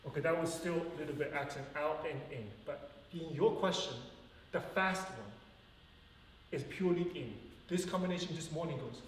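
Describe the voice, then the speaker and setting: A man's voice: a little high, normal speed, a bit bright, slight background noise. Earnest male ballet teacher counting aloud. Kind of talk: teaching a live ballet class. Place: large echoey dance studio. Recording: far-off voice in an echoey hall.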